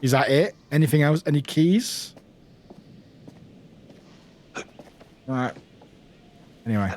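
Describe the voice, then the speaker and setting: A man's voice: medium pitch, lively intonation, slow, a little mellow. A man from the UK streaming a game, chatting casually, laughing and swearing as he plays. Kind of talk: casual live-stream commentary.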